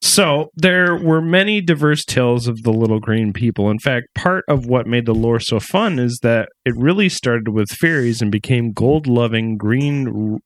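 A man's voice: medium pitch, dry recording. A man hosting a comedy podcast, rambling and giggly, poking fun at himself as he tells folklore. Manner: rambling, giggly, self-deprecating. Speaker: podcast host. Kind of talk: casual comedic podcast chat.

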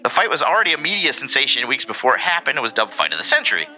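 A man's voice: medium pitch, rapid-fire, poor audio. A man co-hosting a casual podcast, reading a history segment with joking asides. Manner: animated, reads facts with joking asides. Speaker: podcast co-host.

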